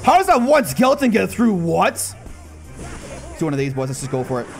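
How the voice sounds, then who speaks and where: A man with a high, very lively voice comments on his own game matches in casual streamer fashion. He swings from quick, low asides to loud, incredulous shouts. Soft music plays underneath. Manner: excitable, bursts into high disbelieving shouts. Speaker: gaming channel host. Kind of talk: live gameplay commentary.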